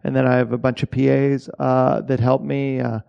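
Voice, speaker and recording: A Canadian-born assistant director chats casually on a podcast, halting and restarting often and swearing along the way. His medium-pitched voice is creaky yet smooth, with little pitch movement, and the sound is lo-fi.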